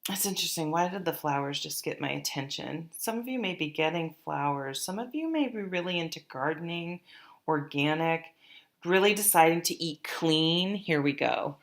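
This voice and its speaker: A woman's voice: sits low, lively intonation, normal speed. A woman giving a casual, rambling tarot reading to her viewers, with many fillers and restarts. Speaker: tarot reader.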